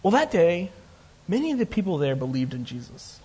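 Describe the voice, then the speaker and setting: A man with a somewhat husky voice preaches a sermon in a relaxed, conversational way. He pitches a little higher than most men, and his voice rises and falls with lively swings as he adds joking asides. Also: a little fast.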